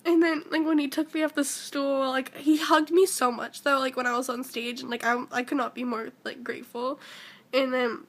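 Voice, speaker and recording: A high-voiced teenage girl recounts a personal story in a breathless, gushing rush. Her speech is shaky and tearful, and she leans on "like" constantly. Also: level tone, moderate pace. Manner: breathless, gushing, heavy use of "like". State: shaky and emotional, near tears. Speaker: vlogger.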